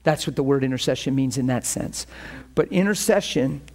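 Earnest and emphatic, this preacher delivers a teaching sermon woven with his personal testimony, repeating words as his point builds. He speaks fairly quickly in a medium-pitched, slightly mellow voice.

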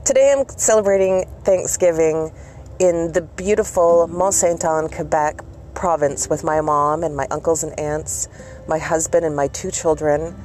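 A woman's voice: low voice, flat delivery, measured pace, darkish tone, a little hiss or hum. A woman from Canada hosting a self-care vlog, talking in an encouraging, chatty way with small asides. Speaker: self-care vlogger and host. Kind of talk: casual motivational talk.

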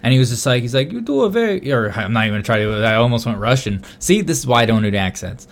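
A young man casually telling a long story on a podcast, swearing often and getting loud when he quotes himself. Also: fairly low pitch, fast talker. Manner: animated, swears a lot, loud bursts when quoting himself. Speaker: podcast co-host.

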